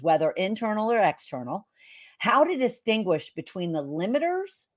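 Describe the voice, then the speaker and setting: A woman's voice: fairly low pitch, darkish tone. A woman hosting an interview podcast, introducing her guest with effusive enthusiasm. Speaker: podcast host.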